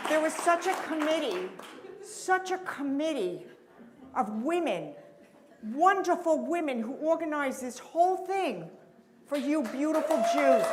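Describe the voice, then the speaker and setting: Speaking a little high, a woman plays a therapist in live character comedy, flustered, effusive, and rambling with frequent restarts. She uses a handheld mic on stage at a temple event hall, where the roomy acoustics pick up audience noise and laughter.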